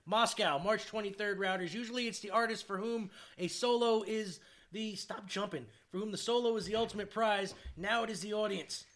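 A man's voice: high voice, fairly even intonation, brisk, a bit bright. A man hosting a casual podcast, reading news headlines aloud with joking, profane asides. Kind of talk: casual chat.

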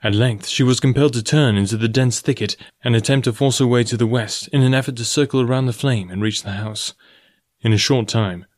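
A man narrating a classic adventure novel in a measured, even storytelling voice. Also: on the low side, dry recording, studio quality. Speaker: audiobook narrator. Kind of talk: scripted narration.

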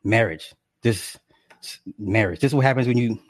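A young man livestreams from home with a fairly low voice at a moderate pace, telling viewers a story in a casual rant. He is indignant and exaggerated, swearing and laughing often.

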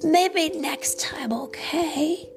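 A woman's voice: sits high, drawn-out words, noisy background, pitched above the performer's own voice, heavily acted. A woman voicing a sleepy, friendly young male possum, drowsy and whispery. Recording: soft background music.

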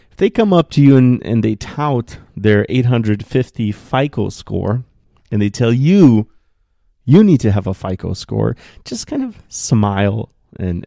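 A podcast host with a fairly low voice records solo from a spare room at home, and the studio-quality audio has no room sound. He talks loosely, full of fillers, growing animated and worked up as he goes.

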